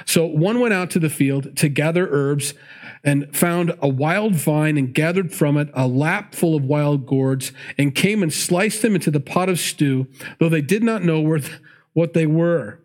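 Man, pastor, conversational Bible teaching, slightly high voice, lively, laughs, acts out characters. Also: unhurried. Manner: animated, laughing, acting out the characters in the story.

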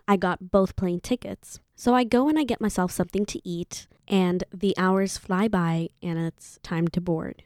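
A woman's voice: medium pitch, dry recording, studio quality. A young woman in her twenties from Zimbabwe, telling a personal story in a chatty, playful way with asides to the listener. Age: 20s. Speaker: vlogger. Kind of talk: casual storytelling.

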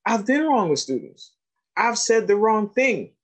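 On poor audio, a man with a high-pitched voice speaks a little slowly in a training talk for educators. Telling classroom stories with animation, he keeps putting questions to his listeners.

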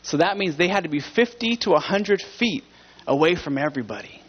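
A pastor preaching a sermon in church, speaking conversationally and earnestly to the congregation. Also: male voice, a little high, expressive, a little fast, dull audio.

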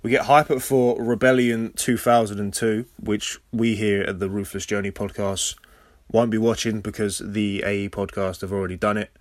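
An English man hosting a casual podcast recap, sarcastic and swearing freely, with sudden loud high outbursts. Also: level tone, moderate pace, dry recording, studio quality. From England. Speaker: podcast host.

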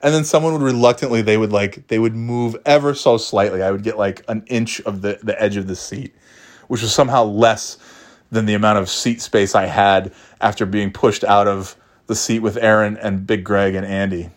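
A man's voice: fairly low pitch, fairly even intonation, normal speed. A man telling comic stories about himself in a rambling, profane, self-mocking way. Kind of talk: comedic storytelling monologue.

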